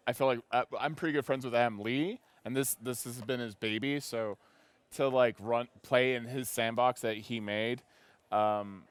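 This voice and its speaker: A man being interviewed at a live convention, talking in a rambling, excitable way and laughing often. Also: medium pitch, normal speed, clear, resonant tone, no room sound. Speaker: guest, creative manager.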